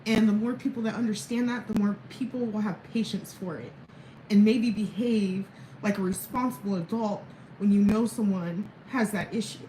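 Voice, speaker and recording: A woman's voice: mid-range voice, moderate pace, mellow, a little hiss or hum. A woman in her thirties rambling candidly to camera in a casual personal vlog, chuckling between thoughts. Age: 30s. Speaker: vlogger. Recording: echoey room, faint background ambience.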